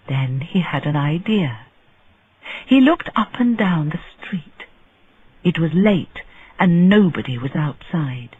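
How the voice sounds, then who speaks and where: A man reads a story aloud in slow, deliberate narration for English learners. His voice is husky and lively in pitch. The recording is dry and thin, like over a phone line. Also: dry recording. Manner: clear, deliberate phrasing.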